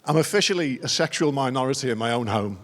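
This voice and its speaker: A middle-aged man performs a stand-up routine as an after-dinner comedian, spinning wry, self-deprecating stories in a medium-pitched, expressive voice with a quick pace and fairly bright tone. He's in a large conference dinner hall, and the recording carries the long reverb of a big room.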